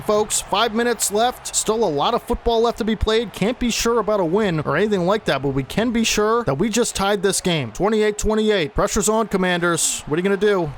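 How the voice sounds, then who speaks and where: A young man giving play-by-play commentary over a football video game he is playing, excitable and talking to viewers as folks. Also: high-pitched, a little hiss or hum. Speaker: gaming channel host.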